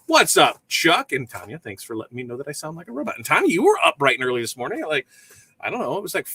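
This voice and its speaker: A middle-aged man hosting a casual live morning show from a small print shop, energetic and upbeat, greeting viewers by name. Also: on the low side, slightly rough. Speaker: livestream host.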